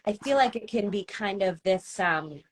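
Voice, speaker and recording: A woman's voice: mid-range voice, lively intonation, normal speed. Woman host, reflective interviewer, casual, thinks aloud mid-sentence. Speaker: podcast host.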